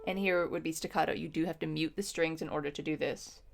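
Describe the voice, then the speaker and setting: Low-voiced woman teaching a lesson. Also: steady tone, fast talker, creaky, over music. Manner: patient, explanatory, frequent ums. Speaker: music teacher. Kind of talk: instructional lesson.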